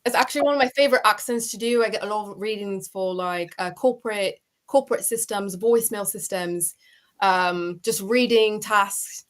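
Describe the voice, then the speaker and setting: Animated, expressive woman guest. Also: medium pitch, moderate pace. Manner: animated, expressive, laughs easily. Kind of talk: interview conversation.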